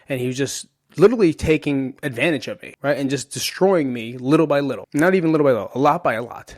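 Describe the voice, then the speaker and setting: A man hosting a podcast, telling a personal story in a casual, profane, animated way into a studio microphone. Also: medium pitch, no room sound. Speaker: podcast host. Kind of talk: storytelling monologue.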